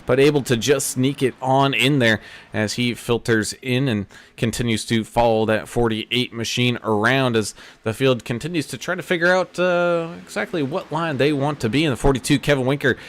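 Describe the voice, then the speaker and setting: A man giving play-by-play commentary on a sim race broadcast, calling the action quickly and with energy, car number after car number. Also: medium pitch. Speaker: play-by-play announcer.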